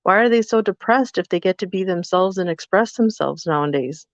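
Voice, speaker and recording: A woman's voice: lowish voice, expressive, brisk, dry recording. A woman co-hosting a podcast in casual chat, telling a story and acting out both sides of the dialogue. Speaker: podcast co-host. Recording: dull, dry lo-fi sound.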